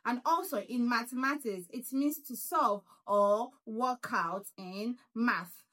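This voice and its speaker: Slow, bright-voiced woman teaching pronunciation. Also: on the high side. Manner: repeats words slowly with emphatic stress. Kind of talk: slow, deliberate pronunciation lesson.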